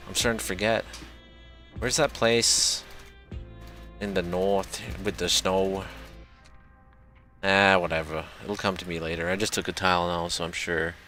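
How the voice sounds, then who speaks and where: A man's voice: low-pitched, fairly even intonation, unhurried, pauses often, sharp tone, soft background music. A man streaming a game, chatting casually and self-deprecatingly while reading dialogue aloud.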